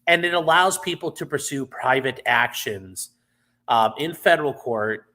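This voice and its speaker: Bright-voiced man explaining a legal case. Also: mid-range voice, animated, unhurried. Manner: explanatory, many fillers and restarts. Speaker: live stream host. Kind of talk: casual legal commentary.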